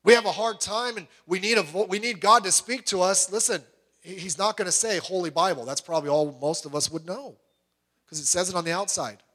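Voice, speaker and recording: A man with a high, light voice preaches a sermon. He talks with strong emphasis and keeps firing rhetorical questions at the congregation. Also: fairly quick, bright, forceful tone. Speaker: pastor.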